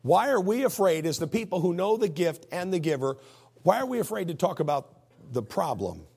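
Gravelly, husky-voiced preacher. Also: male voice, a little high, big pitch swings, fairly quick, a little mellow. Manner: folksy, emphatic preaching, reads scripture aloud. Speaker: pastor. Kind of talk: sermon.

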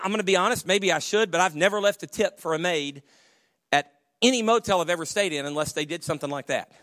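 A man preaching as a pastor, telling humorous stories and loudly acting out the voices of people he quotes. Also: high-pitched, dry recording, clean studio sound. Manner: animated storyteller, acts out quoted voices loudly.

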